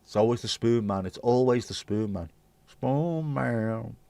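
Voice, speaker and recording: A man's voice: on the low side, steady tone, fairly quick, mellow, no room sound. A man hosting a livestream, chatting to viewers in a rambling, jokey way and swearing casually. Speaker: livestream host.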